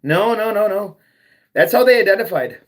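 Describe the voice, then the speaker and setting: A man's voice: high-pitched, animated, normal speed, slight background noise. A man hosting a livestream, ranting bluntly and profanely, repeating himself as he goes. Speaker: livestream host. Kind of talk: ranting monologue.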